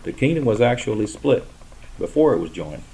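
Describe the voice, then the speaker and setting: A man leading a Bible study, reading scripture aloud with slow, emphatic stresses and asking his listeners questions before answering them himself. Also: lowish voice, big pitch swings, mellow. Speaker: Bible teacher.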